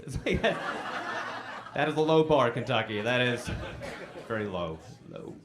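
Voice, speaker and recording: Animated stand-up comic in his forties. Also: medium pitch, moderate pace, a little hiss or hum. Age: 40s. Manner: animated storytelling, acts out quotes in bursts. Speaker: stand-up comedian. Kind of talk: stand-up comedy set. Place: comedy club stage.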